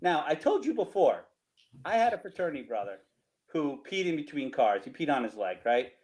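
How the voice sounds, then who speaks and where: A middle-aged man with a New Jersey accent tells tailgating stories over slides in a casual, animated way, often laughing and tagging lines with "right?". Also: fairly high pitch, fairly quick, poor audio. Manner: animated, laughing, repeats himself, rhetorical "right?". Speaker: storyteller guest.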